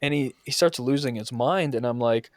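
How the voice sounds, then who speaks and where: A man's voice: mid-range voice, normal speed, no room sound, studio quality. A man hosting a podcast, telling heated stories full of swearing about coaching. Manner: profane, heated storytelling. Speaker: podcast host and soccer coach. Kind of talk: casual podcast chat.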